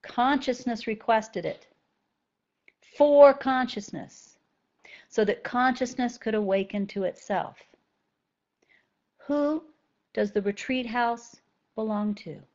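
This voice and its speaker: A woman's voice: on the high side, unhurried, lo-fi sound. A woman spiritual teacher talking conversationally to a group of students and often checking in with "right?".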